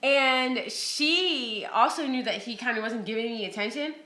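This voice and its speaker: Bright, blunt woman in an echoey room. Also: on the high side, measured pace. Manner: blunt, profane, animated storytelling. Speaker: podcast co-host. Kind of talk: casual storytelling chat.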